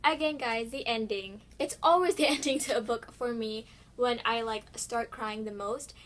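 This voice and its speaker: A woman's voice: a little high, moderate pace, a bit bright. A teenage girl chatting casually and gushing about books on her vlog, with lots of fillers and restarts. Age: teens. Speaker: book vlogger. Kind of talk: casual chat.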